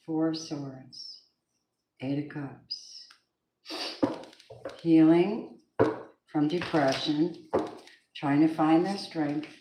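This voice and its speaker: A woman's voice: low voice, steady tone, very slow, pauses often, roomy sound, noisy background. A woman reading tarot cards, talking in an emphatic, prayerful way and often repeating herself. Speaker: tarot card reader.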